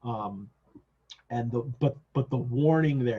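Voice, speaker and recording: Over dull, lo-fi video call audio, a male host leads a casual discussion of a novel. His medium-pitched voice is unhurried and a bit rough, and he talks with enthusiasm, drifting onto side points and filling pauses with lots of ums.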